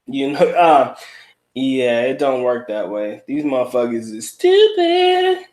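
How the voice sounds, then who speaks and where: A man's voice: mid-range voice, sing-song, slow, a little mellow. A middle-aged man hosting a casual livestream, reading viewer comments aloud in a blunt, profane, slangy way with frequent laughs.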